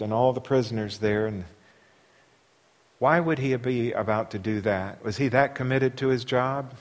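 A man preaching a sermon, asking his listeners rhetorical questions and moving between quiet asides and loud, emphatic passages. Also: mid-range voice. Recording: long hall reverb.

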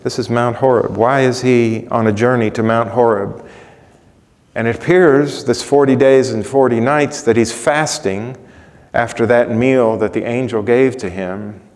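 A man preaching a sermon, reading scripture aloud dramatically, his voice swelling loud and then dropping to a hush. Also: medium pitch, fairly even intonation, a little slow. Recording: long hall reverb.

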